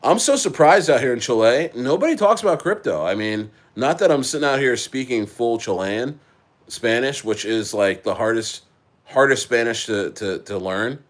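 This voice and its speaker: A male crypto streamer talking off the cuff to his viewers. He rambles and stops to restart his sentences again and again. His voice sits at an everyday middle pitch. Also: animated. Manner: rambling, halting, many restarts, reads and answers chat. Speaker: crypto livestream host. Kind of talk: casual livestream chat. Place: living in Chile.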